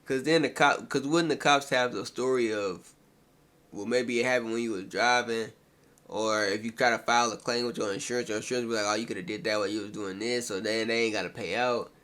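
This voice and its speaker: Brief: mid-pitched male reaction host, animated and joking, heavy on casual slang. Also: fairly quick.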